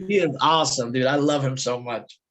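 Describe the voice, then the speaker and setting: A man's voice: medium pitch, steady tone, fairly quick, fairly bright tone. A man, a guest comedian, chatting casually on a podcast and telling loose, profane stories full of fillers.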